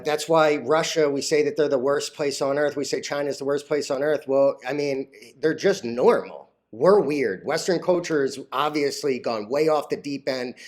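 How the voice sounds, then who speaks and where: A man vlogging about stocks in a crude, rambling casual rant, full of "like" fillers, laughing at his own jokes and getting easily flustered. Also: mid-range voice.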